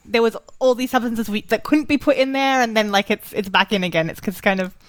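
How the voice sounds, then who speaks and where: A woman's voice: a little high, a little fast, no room sound. A woman leading a casual book club discussion, talking loosely with many fillers and restarts. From Australia.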